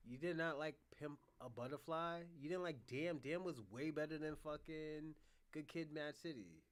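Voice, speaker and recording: A man in casual, profane chat, teasing a friend with excitable, playful banter. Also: a little high, normal speed, no room sound.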